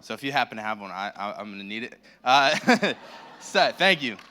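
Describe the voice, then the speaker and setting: An American man preaches a sermon as a guest pastor in a church sanctuary, talking into a handheld microphone. His medium-pitched voice is very animated and sharp at a normal speed, with a little hiss or hum, as he jokes, pokes fun at himself, and rambles into his message.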